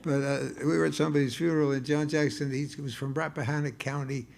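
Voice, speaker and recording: A man's voice: on the high side, steady tone, fast talker, gravelly, a little mellow. An older man, a blues guitarist, telling wry, rambling stories on a concert stage between songs, often stumbling and restarting his words.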